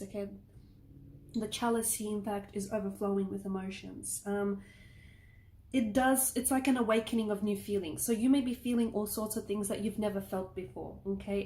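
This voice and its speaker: A woman's voice: mid-range voice, a little mellow. A woman giving a casual tarot reading, rambling and reassuring, checking in often with the listener. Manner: rambling, reassuring, frequent "okay?" check-ins. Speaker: tarot reader. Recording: echoey room with faint noise.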